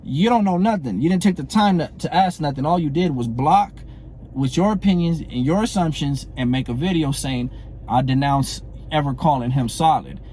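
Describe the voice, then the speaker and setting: A middle-aged man speaks straight to camera in a heated, profane call-out. His voice sits a bit high for a man but has a mellow, warm tone. He hammers on the same points and keeps checking in with "you know what I'm saying.". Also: expressive, a little fast, a little hiss or hum. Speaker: former prison inmate calling out a comedian. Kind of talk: confrontational monologue to camera.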